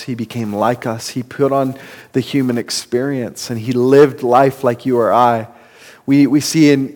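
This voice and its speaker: A man preaching a sermon as a pastor, earnest and building to impassioned emphasis. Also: medium pitch. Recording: long reverb of a hall.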